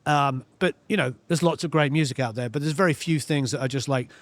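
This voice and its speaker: A man, a music producer telling studio stories in an interview, animated and full of "you know" fillers. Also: medium pitch, brisk, no echo. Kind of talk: storytelling interview chat.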